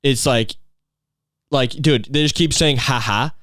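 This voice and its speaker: A young podcast host goes on a casual, profane comedic rant, rambling with lots of fillers and restarts. His mid-range voice is unhurried and fairly bright, captured in a dry, studio-quality recording.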